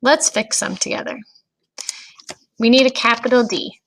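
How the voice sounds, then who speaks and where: A woman teacher giving a recorded grammar lesson to children, speaking clearly and patiently to young students. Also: on the high side, normal speed, a little hiss or hum, low-quality recording.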